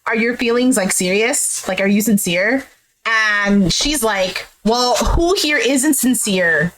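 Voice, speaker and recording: A woman's voice: a little high, slow pace, fairly bright tone, low-quality recording. Chatty woman retelling a show. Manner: retells scenes animatedly, acting out quotes with "he's like". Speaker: recap vlogger. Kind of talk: casual show recap. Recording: faint background noise.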